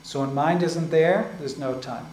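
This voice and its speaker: A man giving a spiritual discourse as a teacher. He explains slowly and often checks in with "right?" and "like this". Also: fairly high pitch, darkish tone. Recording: echoey room with faint ambient noise.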